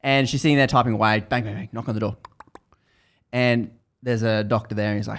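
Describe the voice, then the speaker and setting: A man hosting a podcast, casually retelling a book's story in animated bursts that build tension. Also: on the low side, fairly quick. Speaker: podcast host. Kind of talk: casual book recap chat.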